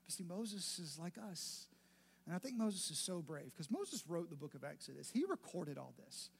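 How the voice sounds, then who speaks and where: High-voiced, emphatic man preaching. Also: big pitch swings, moderate pace, creaky, breathy edge. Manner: conversational, emphatic, repeats phrases for stress. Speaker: pastor. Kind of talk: sermon.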